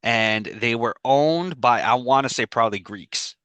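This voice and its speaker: A man with a bright, forceful voice chats on a podcast, rambling through an anecdote and breaking into laughter. He sounds close and dry over his video-call mic, with no room sound around him. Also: mid-range voice, dry recording. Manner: rambling storytelling, quick to laugh. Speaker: podcast co-host. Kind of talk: casual podcast chat.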